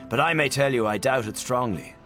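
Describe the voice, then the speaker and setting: A man voicing a blunt, nostalgic older male dinner guest in a lowish, gruff voice in a storybook reading. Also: fairly quick, fairly bright tone, faint music behind, natural voice. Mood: doubtful. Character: older man, defiant, nostalgic for old singers.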